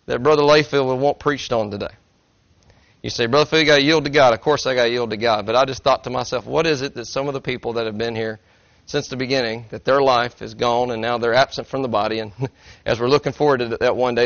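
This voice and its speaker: Folksy joking man preaching a sermon. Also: mid-range voice. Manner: folksy, self-deprecating, joking. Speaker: pastor. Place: church sanctuary. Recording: dry, slightly dull recording.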